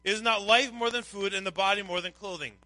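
A man's voice: high voice, fairly even intonation, fairly quick, pushed and bright, no room sound, poor audio. A man preaching a conversational sermon to a congregation, reading scripture aloud in between. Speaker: pastor.

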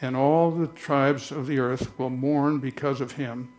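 A man preaching a conversational church sermon, slowing down to read scripture aloud. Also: mid-range voice, fairly even intonation, a little mellow. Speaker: pastor.

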